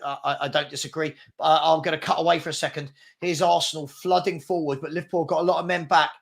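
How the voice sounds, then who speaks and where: English male co-host, slightly high voice, chatty rambling match commentary. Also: little pitch movement, quick pace, vocal fry. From England. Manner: chatty, rambling, lots of fillers and restarts. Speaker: live stream co-host. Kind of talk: casual live football commentary.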